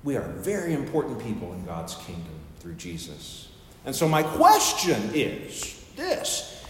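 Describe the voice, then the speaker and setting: A man's voice: medium pitch, wildly swooping pitch, a little slow. A man preaching a sermon as pastor, in a folksy, joking, conversational manner. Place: church sanctuary. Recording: very echoey hall with long reverb.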